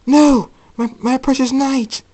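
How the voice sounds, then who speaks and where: A man voicing a fierce winged mother in a homemade storybook reading, shrill when angry. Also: little pitch movement, moderate pace, a little mellow, lightly acted, rough recording. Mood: shrieking.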